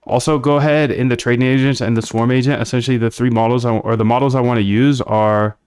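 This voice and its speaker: A man's voice: medium pitch, steady tone, fast talker, darkish tone, clean tone, no echo, studio quality. A man hosting a casual livestream, coding aloud and bluntly reacting to chat. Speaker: livestream host.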